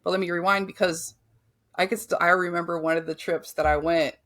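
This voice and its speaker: Brisk and steady in tone, a woman in her thirties talks in a lowish, slightly bright voice. As a podcast host she candidly narrates her own life, swearing freely and often starting her sentences over among many fillers.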